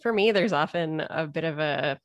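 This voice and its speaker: Woman, podcast guest, casual chat, laughs often, low-pitched. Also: moderate pace, dry recording, studio quality. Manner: giggly, laughs between thoughts. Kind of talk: casual movie discussion.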